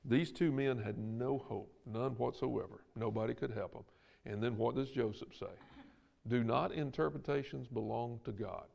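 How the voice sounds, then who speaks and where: A man's voice: medium pitch, normal speed, creaky, a little mellow. A man with a Southern accent teaching a Sunday school Bible lesson in a church classroom, plainspoken and folksy, acting out the lines he quotes.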